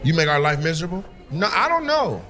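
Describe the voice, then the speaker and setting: A man's voice: on the high side, very animated, fast talker, pushed and bright. A man doing teasing, profane crowd work as a stand-up comedian on a club stage. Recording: live show with crowd noise. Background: audience laughter.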